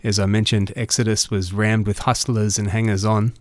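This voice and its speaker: A man with an Australian accent, a radio host narrating a scripted outro in a relaxed, plain storytelling way. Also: fairly low pitch, normal speed, no echo, studio quality.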